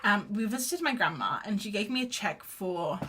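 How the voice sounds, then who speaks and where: A woman's voice: medium pitch, expressive, normal speed, noisy background. A young woman chatting in a rambling, casual way while she sketches on a livestream, with lots of fillers and restarts. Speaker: livestream artist.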